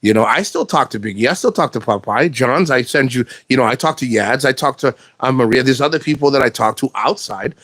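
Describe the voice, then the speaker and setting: A man's voice: medium pitch, expressive, a little fast, few pauses, a bit bright, no room sound. A man talking casually to camera in a blunt, profane, rambling way, restarting his sentences often. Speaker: vlogger.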